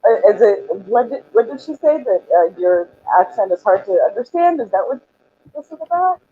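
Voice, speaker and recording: A woman calling into a stream, chatting calmly and sounding puzzled and affectionate. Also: on the high side, moderate pace, husky. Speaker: caller. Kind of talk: casual chat on a call. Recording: muffled call audio.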